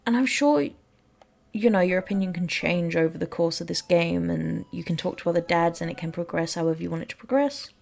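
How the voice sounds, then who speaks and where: A woman's voice: on the low side, fairly even intonation, brisk, gravelly, darkish tone. A woman giving rambling, self-deprecating casual commentary while playing a game. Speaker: let's play host.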